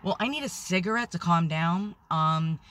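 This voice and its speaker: A woman vlogging on her phone from inside a parked car, rambling anxiously, swearing a lot and talking loudly when nervous. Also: lowish voice, animated, moderate pace. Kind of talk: nervous selfie vlog.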